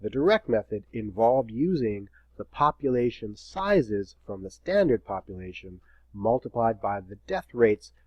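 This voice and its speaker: A middle-aged man giving a recorded lecture as a professor, talking in a brisk, wry and slightly terse way. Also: lowish voice, very animated, no room sound, lo-fi sound.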